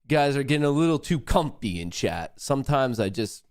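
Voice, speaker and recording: A young adult man hosting a live trading stream, talking to chat in a profane, excitable, trash-talking way. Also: mid-range voice, moderate pace, few pauses, smooth, dry recording, clean studio sound. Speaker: livestream trading host.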